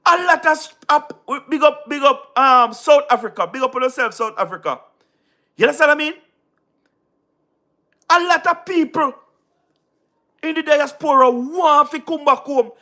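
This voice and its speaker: A man from Jamaica with a Jamaican Patois accent, livestreaming casually, giving shout-outs to viewers and repeating himself emphatically. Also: extremely high pitch, moderate pace, long pauses. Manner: repetitive, keeps asking "you understand what I mean", emphatic. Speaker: YouTube live streamer.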